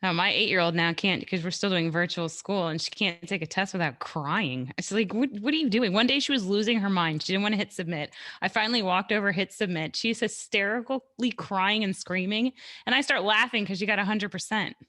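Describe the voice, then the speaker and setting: Bright-voiced woman, chatty co-host. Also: mid-range voice. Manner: chatty, quick to laugh. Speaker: podcast co-host. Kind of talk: casual podcast chat.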